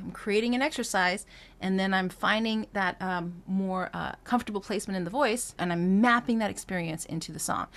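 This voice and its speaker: A woman with a medium-pitched, brisk voice is giving a singing lesson as a vocal coach. She explains technique between short demonstrations, singing brief phrases and vocal drills, and her talk is full of fillers and restarts.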